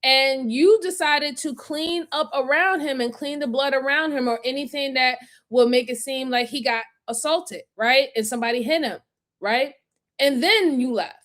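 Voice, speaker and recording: A woman's voice: high-pitched, moderate pace, a bit bright. A woman hosting a live stream, commenting on an interrogation video in an emphatic, repetitive, scolding way. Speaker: host reacting to an interrogation video.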